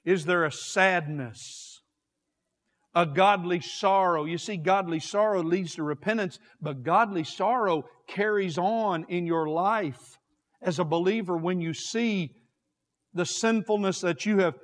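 A man preaching a sermon, swinging from quiet, slow passages to raised, shouted ones. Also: high-pitched. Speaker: pastor. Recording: long hall reverb.

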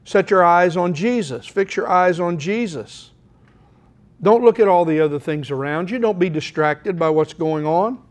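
A man's voice: sits high, moderate pace. A middle-aged man preaching a sermon in a church room, earnest and exhorting, reading scripture aloud.

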